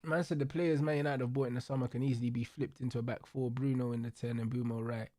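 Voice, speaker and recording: A man's voice: mid-range voice, flat delivery, quick pace, dark tone, dry recording, clean studio sound. A young man ranting hotly about football as a watch-along host, swearing freely and ending every line with bro, bruv or blood. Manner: profane, slang-heavy, repeats tags like bro and blood. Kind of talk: heated football rant.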